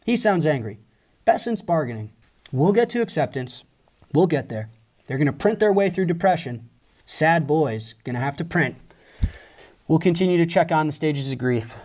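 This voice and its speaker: A man giving animated, emphatic commentary to viewers, mocking others, acting out their quotes and swearing casually. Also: a little high, normal speed.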